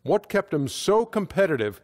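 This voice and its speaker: A man hosting a pregame studio show with smooth, polished broadcaster delivery. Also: sits high, big pitch swings, moderate pace, darkish tone. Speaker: studio host. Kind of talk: scripted pregame show in a video game.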